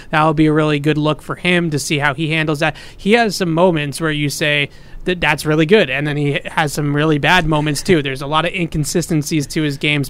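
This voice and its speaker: A man talks through football tactics on a podcast in detailed, analytical breakdowns. His voice sits a little high and sounds smooth and clear. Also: fairly bright tone. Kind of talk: sports podcast chat.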